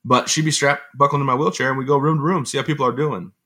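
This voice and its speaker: A man telling stories as an interview guest, in an animated, rambling conversational way. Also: mid-range voice. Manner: fast, animated storytelling with rambling asides. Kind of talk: conversational storytelling.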